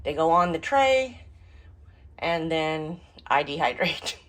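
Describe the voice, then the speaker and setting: A woman's voice: deep voice, sing-song, slow, fairly bright tone, low-quality recording. A middle-aged woman hosting a casual home cooking vlog, chatting through each step as she works. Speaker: home cooking and garden vlogger.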